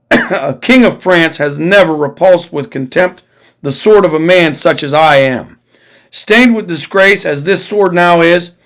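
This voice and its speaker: A proud, defiant musketeer captain, as a male reader puts him on, speaking with grave, impassioned force. The voice sits a little high for a man. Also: a bit bright, low-quality recording. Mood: indignant.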